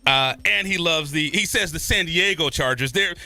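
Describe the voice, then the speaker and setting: A man's voice: on the high side, moderate pace, pushed and bright, no echo, soft background music. A man with a Southern Californian accent co-hosting a sports radio show in a studio, interviewing with playful, mock-emotional humor. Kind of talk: casual sports talk.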